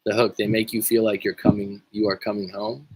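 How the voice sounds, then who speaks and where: A man's voice: fairly low pitch, level tone, fairly quick, very noisy. A man coaching on a livestream in a casual, joking and profane way, rambling with frequent restarts while reading viewer comments. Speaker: life coach.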